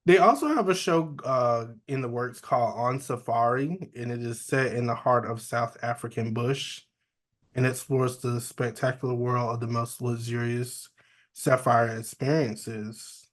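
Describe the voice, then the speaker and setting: A man co-hosts a relaxed gossip podcast. He reads the news items aloud at a middle pitch and then gives his candid opinions, swearing freely. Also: unhurried. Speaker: podcast co-host. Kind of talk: casual gossip chat.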